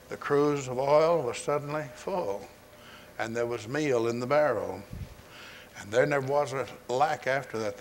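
On a 1980s recording with a little hiss or hum, a pastor preaches a folksy sermon built on storytelling, retelling scripture and performing its voices. He's a man with a medium-pitched voice.

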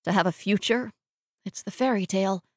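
A woman voicing a heartbroken, bitter young woman with a choked, hoarse delivery in an audiobook. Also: mid-range voice, fairly quick, a little mellow, no room sound, studio quality, close to an everyday voice.

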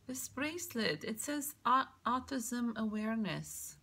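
A woman vlogger opening a birthday craft mail, gushing and excitable, now and then dropping into a whisper. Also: fairly high pitch, slow, creaky, a little hiss or hum. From Canada. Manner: gushing, excitable, keeps exclaiming how cute things are. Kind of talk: casual show-and-tell unboxing.

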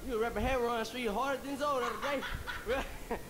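A man's voice: very high voice, fairly even intonation, measured pace, background noise. A man in a prank vlog, rowdy and taunting in casual chat. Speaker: prank accomplice. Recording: crowd chatter behind.

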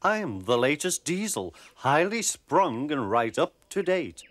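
A man's voice: a little high, sing-song, a little slow, a bit bright, voice pushed up. A man voicing a fussy, self-important female diesel railcar in a children's storybook. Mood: haughty. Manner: prim, complaining, self-important. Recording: background music.

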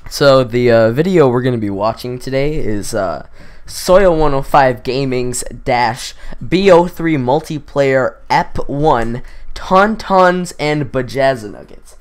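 A man's voice: mid-range voice, expressive, slow, smooth. A teenage boy giving casual, sarcastic commentary as he mocks another creator's video, rambling and loose with filler words. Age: teens. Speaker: YouTube roast commentator.

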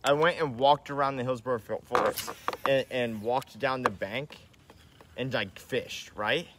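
Young dude cussing away from his kayak, loud water and wind noise all over, mid-pitched voice. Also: measured pace. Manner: profane, slangy, excitable. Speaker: live streamer. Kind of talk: casual live-stream chat. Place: kayak on a river, outdoors.

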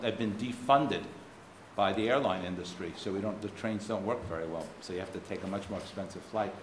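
Wry American man lecturing in an echoey hall. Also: fairly low pitch. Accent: faded Boston. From United States. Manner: wry, digressive storyteller with blunt asides. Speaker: keynote speaker. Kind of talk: anecdotal lecture. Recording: roomy hall with faint noise.

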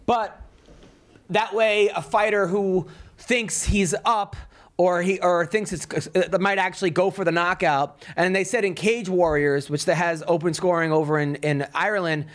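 High-voiced chatty man hosting. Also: fairly even intonation, unhurried, fairly bright tone. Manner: chatty, rambling, frequent fillers. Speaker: podcast host, comedian. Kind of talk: casual chat.

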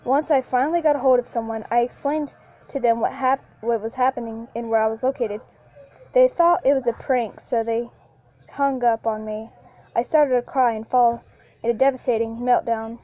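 A woman narrating a first-person horror story in a halting way, with frequent restarts and repeated lines. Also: fairly high pitch, steady tone. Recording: lo-fi with faint background music.

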